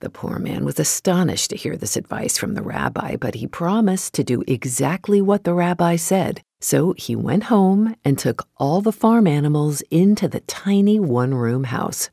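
A storyteller telling a folktale in a steady, gentle storybook narration. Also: medium pitch, moderate pace, vocal fry, hardly any pauses, no echo, studio quality.

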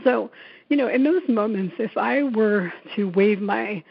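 A woman's voice: mid-range voice, unhurried, vocal fry, slightly rough. A woman who facilitates prison workshops, speaking earnestly with many fillers and restarts as she tells personal stories. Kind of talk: reflective talk with personal stories. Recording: dull lo-fi recording.

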